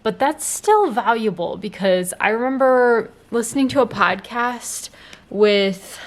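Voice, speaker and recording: A woman's voice: fairly high pitch, expressive, unhurried. Chatty, enthusiastic woman vlogger. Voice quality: chatty, with frequent "like" fillers. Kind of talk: casual vlog chat.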